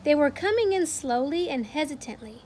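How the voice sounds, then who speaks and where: Woman teacher, high voice, reading a chapter aloud, plain and friendly. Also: expressive, moderate pace, darkish tone, slight background noise. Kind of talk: reading a novel aloud to a class.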